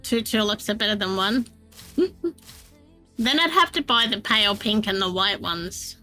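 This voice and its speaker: A woman's voice: medium pitch, moderate pace, pushed and bright, soft background music, low-quality recording. A woman chatting casually while she plays and builds in a game, self-deprecating and laughing often. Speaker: Minecraft streamer. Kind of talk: casual gameplay chat.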